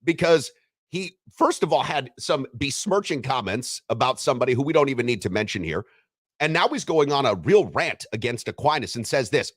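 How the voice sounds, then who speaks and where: Animated Midwestern sports radio host. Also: male voice, mid-range voice, a little fast, dry recording. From Western Wisconsin. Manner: animated, teasing, lively delivery. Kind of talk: casual sports talk radio.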